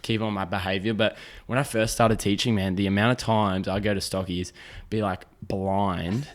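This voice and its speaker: A man's voice: lowish voice, level tone, normal speed. A young Australian man hosting a podcast, chatting casually with lots of slang and swearing. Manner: swearing, laid-back slang. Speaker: podcast host; teacher. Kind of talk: casual chat.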